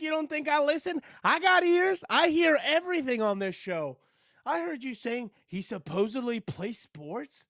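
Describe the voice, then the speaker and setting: This is a swaggering sports-talk blowhard, put on by a man, all bragging and mockery. The voice sits up high for a man and the sound is dry and close. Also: fairly bright tone, no echo, heavily acted. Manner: ranting, mocking, boastful. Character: brash boastful male sports-talk blowhard, ex-jock. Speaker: comedy segment character.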